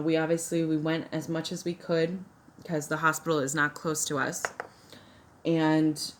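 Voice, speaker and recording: A young woman vlogging as she does her makeup, telling a personal story in a chatty, emotional way with many fillers and restarts. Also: low-pitched.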